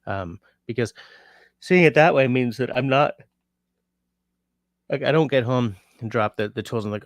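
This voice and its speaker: A man's voice: mid-range voice, moderate pace, long pauses, dry recording, clean studio sound. A tired man hosting a casual livestream, rambling and reading out comments from his chat. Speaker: livestream host.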